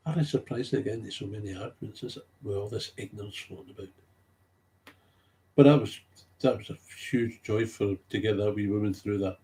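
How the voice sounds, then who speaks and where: A man's voice: on the low side, a little fast, warm tone. A man speaking in an unscripted monologue, telling stories from recovery work, getting agitated and repeating his key phrases for emphasis.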